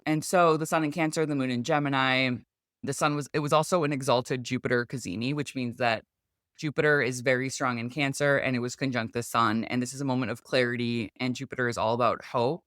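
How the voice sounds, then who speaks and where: A man's voice: medium pitch, a bit bright, dry recording, clean studio sound. A man co-hosting a podcast, explaining astrology charts in a chatty, casual way with frequent "like" and "you know".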